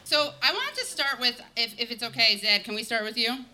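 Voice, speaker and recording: A woman's voice: a little high, sing-song, brisk, noisy background. A woman hosting a live talk show, chatty and joking, going off on tangents as she introduces guests. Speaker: podcast host.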